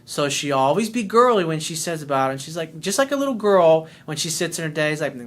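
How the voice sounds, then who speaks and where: A man's voice: on the high side, animated, fast talker. Blunt profane male dating coach. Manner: blunt, profane, acts out little scenes. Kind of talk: answering a listener's letter.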